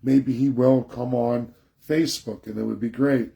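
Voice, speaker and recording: A man's voice: mid-range voice, steady tone, normal speed, gravelly, warm tone. A man hosting a live political stream, talking in an insistent, repetitive, preachy way.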